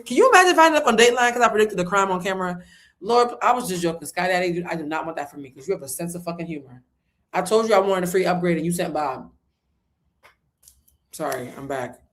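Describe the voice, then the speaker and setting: A woman giving a casual livestream tarot reading. She talks loudly and animatedly, swears freely and breaks into snatches of song. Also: on the low side. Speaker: tarot reader.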